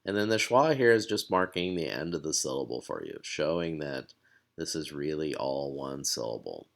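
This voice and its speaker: A man's voice: a bass voice, lively intonation, normal speed, gravelly. A man teaching a recorded language lesson, explaining patiently with fillers and repeated words.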